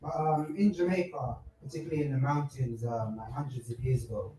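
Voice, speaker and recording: A man's voice: mid-range voice, fairly even intonation, fairly quick, dark tone. A man in the audience asking a question, hesitant, with fillers. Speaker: audience member. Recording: echoey room, far from the mic.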